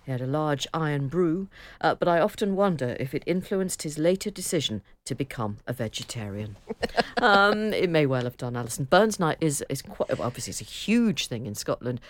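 A woman's voice: low-pitched, lively intonation, brisk. A woman from northern Liverpool co-hosting a radio chat show, trading dry, self-mocking remarks and reading out listener emails. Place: radio studio.

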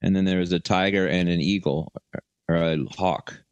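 A man's voice: deep voice, fairly even intonation, normal speed, clean tone, no echo. A man co-hosting a comedy podcast, ranting and joking in boisterous casual chat. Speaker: podcast co-host.

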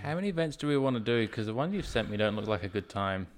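Quick, teasing man on a podcast. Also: on the low side, animated, music in the background. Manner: dry, teasing quips. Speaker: podcast co-host. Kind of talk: casual chat, teasing banter.

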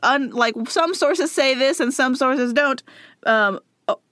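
A woman's voice: sits high, takes it slowly, fairly bright tone, dry recording, clean studio sound. A woman co-hosting a casual history podcast, giggling and reading quotes aloud with playful emphasis. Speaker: podcast co-host.

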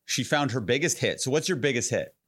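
Teasing, joking podcast host. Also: male voice, medium pitch, animated, brisk, a bit bright, breathy edge. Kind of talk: casual podcast chat.

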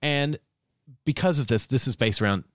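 A man's voice: medium pitch, normal speed, no room sound, studio quality. A man hosting a podcast in casual chat, joking playfully while reading sponsor ads. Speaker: podcast host.

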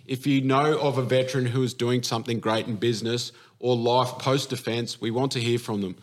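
An Australian man hosting a podcast, wrapping up the episode in a relaxed way with many fillers. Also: medium pitch, brisk. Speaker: podcast host. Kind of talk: casual podcast wrap-up.

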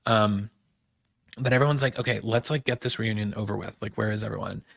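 A man's voice: on the low side, steady tone, a little fast, creaky, a bit bright, no room sound, clean studio sound. A young man hosting a casual recap, chatty and opinionated, acting out quotes with lots of "like". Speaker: podcast host recapping a reality show.

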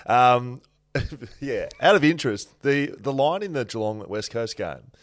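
A man's voice: mid-range voice, expressive, a little slow, dry recording, clean studio sound. An Australian man hosting a podcast in casual chat, with jokey, teasing banter. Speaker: podcast host.

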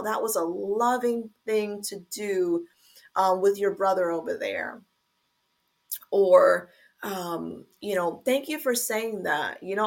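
A woman hosting a faith-based podcast, talking earnestly and deliberately to fathers, with some fillers and restarts. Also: medium pitch. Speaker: podcast host.

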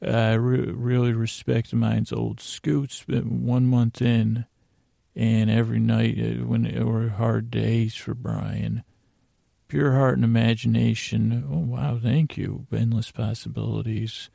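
Male podcast host, rambling and soft, monotone and unhurried, recorded very dry. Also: mid-range voice, gravelly, no echo. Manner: meandering, soft, rambling with fillers. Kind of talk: sleepy listener shout-outs.

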